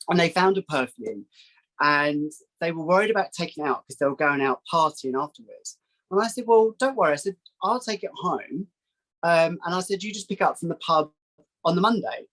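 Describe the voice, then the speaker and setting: A man, a psychic guest telling a story in casual chat, acting out quoted voices in a higher pitch. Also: animated, normal speed, a bit bright, rough recording. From England.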